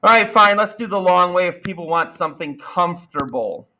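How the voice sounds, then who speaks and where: Man, math teacher, classroom lesson, lively, playful asides, slightly high voice. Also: fairly quick, poor audio. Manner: energetic, questioning students, playful asides.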